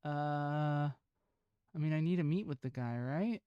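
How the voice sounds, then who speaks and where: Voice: mid-range voice, slow pace, clean tone, no echo, highs cut off. A streamer giving casual, rambling commentary while playing a game, with swearing and laughing asides.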